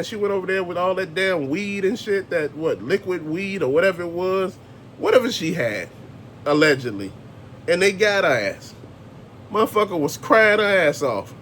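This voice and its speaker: A man with a notably high voice delivers a blunt, profane rant straight to the camera, hammering each point with emphasis. A faint rumble hums behind him. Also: a bit bright. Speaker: host. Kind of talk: ranting commentary.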